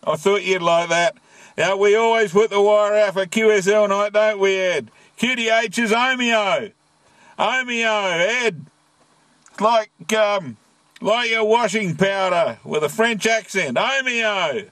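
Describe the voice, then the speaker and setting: A man's voice: sits high, measured pace, a bit bright, no echo. An Australian man chatting on amateur radio from a bush campsite, joking and using call signs. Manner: jokey, uses radio call signs and slang. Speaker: amateur radio operator, travel vlogger. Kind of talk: casual ham radio chat.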